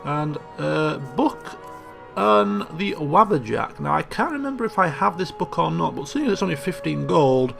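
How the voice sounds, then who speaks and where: A man's voice: a little high, very animated, normal speed, vocal fry. A man giving chatty, joking commentary as he plays a video game. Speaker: let's play host. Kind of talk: casual gameplay commentary. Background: game music.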